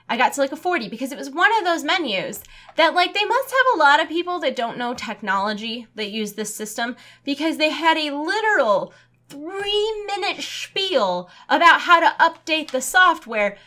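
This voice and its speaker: A young adult woman vlogger telling a story in a casual rant, animated, exasperated and self-mocking. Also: fairly high pitch.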